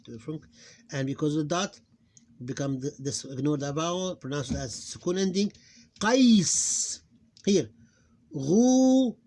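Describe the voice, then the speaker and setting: A man teaching a phonics lesson, slowly repeating each syllable and stressing it loudly. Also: on the high side. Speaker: Arabic teacher.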